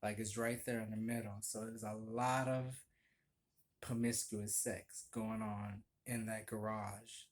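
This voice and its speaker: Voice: mid-range voice, little pitch movement, unhurried. A former barista telling a story in a chatty, gossipy way, laughing often and swearing casually.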